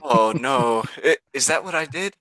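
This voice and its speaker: Stammering bright-voiced man at a game table. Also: medium pitch, expressive, measured pace, rough recording. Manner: stammering, flustered. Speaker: player. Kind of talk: tabletop role-play.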